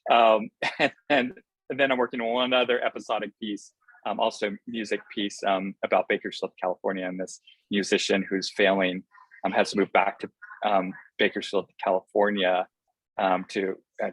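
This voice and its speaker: Man, film director guest, husky voice, dry close sound, earnest and halting. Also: low voice, dry recording, rough recording. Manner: earnest, enthusiastic, halting with many fillers. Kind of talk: casual interview answers.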